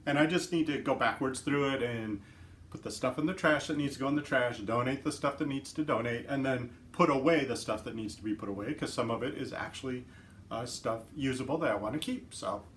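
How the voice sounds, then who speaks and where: A friendly, talkative man hosts a live stream in a relaxed, casual way. He laughs often and chats directly with the viewers, greeting each one by name. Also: mid-range voice, fairly quick, slight background noise. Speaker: livestream host. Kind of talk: casual chat.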